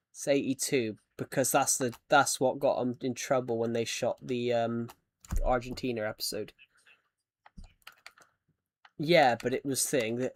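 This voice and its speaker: Male streamer, casual rambling chat, mid-pitched, restarts often. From United Kingdom. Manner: rambling, many false starts and restarts. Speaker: Minecraft streamer. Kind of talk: casual chat while gaming.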